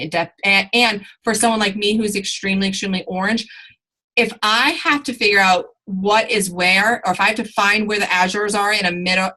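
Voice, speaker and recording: A woman talks straight to her viewers from home, giving sales tips in a loose, animated chat. Her voice is bright and forward, and she keeps rolling with little fillers and asides. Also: mid-range voice, rough recording. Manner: chatty and animated, lots of fillers. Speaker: clothing sales consultant. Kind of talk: casual tips chat to camera.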